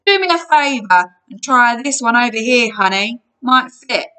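A woman's voice: fairly high pitch, lively intonation, moderate pace, sharp tone, voice pushed up. A woman voicing a pushy, boastful male giant waterbed salesman in a storybook reading, with a wheedling sales patter.

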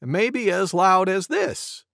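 A man voicing a small, excitable male cuckoo bird in a picture-book reading. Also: high voice, takes it slowly, creaky, dry recording, studio quality, pitched above the performer's own voice, exaggerated voice. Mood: excited.

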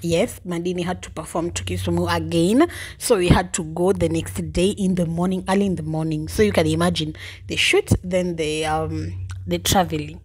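A young woman with a Kenyan accent chatting casually in a vlog, bubbly and quick to laugh, switching between English and Swahili. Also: on the low side, steady tone, breathy edge. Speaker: vlogger.

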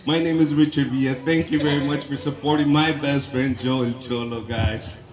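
A man doing a loud, profane stand-up comedy set, telling animated stories to a live audience in a garage. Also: medium pitch, moderate pace. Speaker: stand-up comic. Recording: roomy garage with crowd laughter.

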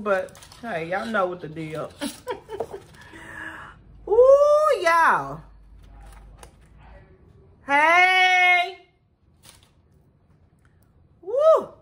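Chatty high-voiced woman food vlogger. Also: very animated, normal speed, bright, forceful tone. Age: adult with a son. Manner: chatty, keeps addressing viewers as y'all. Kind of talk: casual eating vlog.

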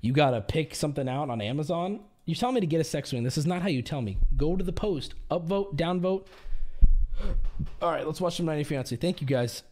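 A man's voice: on the high side, expressive, fairly quick, a little mellow. A young man chatting casually on a livestream, at times ranting heatedly with swearing. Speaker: streamer.

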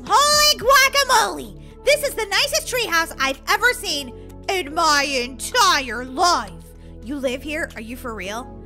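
A woman's voice: sits high, very animated, a little slow, pushed and bright, exaggerated voice. A woman voicing a cheerful, curious young girl who exclaims in delight, in a game role-play video. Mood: amazed. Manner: perky, exclamatory, giggly. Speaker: channel's game video narrator and voice actor. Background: children's background music.

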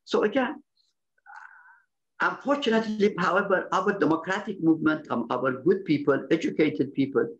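A man from Iran, explaining politics in a lecturing way, often restarting and checking in with "okay?". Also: fairly high pitch. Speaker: interviewee, political commentator. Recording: slightly muffled, lo-fi recording.

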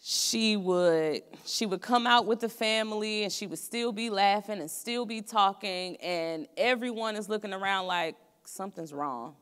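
A woman's voice: mid-range voice, normal speed, hardly any pauses, fairly bright tone, clean tone, big-room sound. A young woman giving a student sermon in a college chapel, telling stories from her own life in an earnest, conversational way. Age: young adult. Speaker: student preacher.

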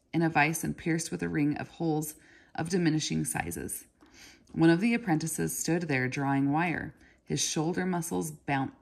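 A woman reading a children's novel aloud in a steady storybook manner. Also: sits low, vocal fry, slightly rough. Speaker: narrator.

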